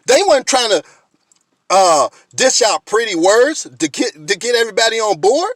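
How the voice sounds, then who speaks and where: A man's voice: extremely high pitch, sing-song, moderate pace, fairly bright tone, dry recording. A man ranting bluntly and profanely to camera, fired up and insistent, keeps asking "you know what I mean". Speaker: video blogger. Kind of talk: impassioned direct-to-camera rant.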